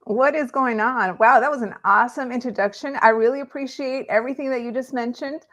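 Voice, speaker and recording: An upbeat woman from Los Angeles talks as a guest on a live show. Her voice sits a bit high, and her delivery is chatty and friendly. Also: brisk, fairly bright tone. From Los Angeles, California. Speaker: guest, real estate agent. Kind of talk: casual interview chat.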